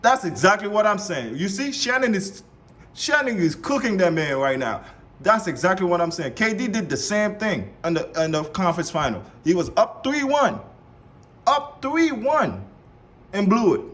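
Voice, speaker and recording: A man reacting live to a debate show clip, heated and animated, repeating himself and swearing. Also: high-pitched, moderate pace. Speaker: reaction streamer.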